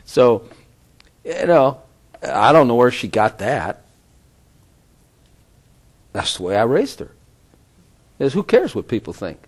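A man's voice: medium pitch, very animated, takes it slowly, long pauses. A middle-aged man giving an informal sermon, rambling with conversational asides and frequent chuckles. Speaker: preacher.

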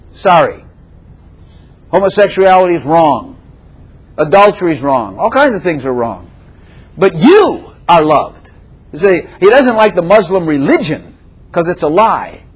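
An older man preaches a sermon as a pastor, his voice sitting high and husky. He is emphatic and repetitive, swinging between loud declarations and softer asides.

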